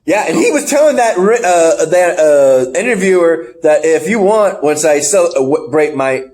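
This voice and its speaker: A man's voice: on the high side, normal speed. A man hosting a casual wrestling review podcast, laughing often and acting out what people said. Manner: animated, laughs often, acts out quotes. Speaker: podcast host.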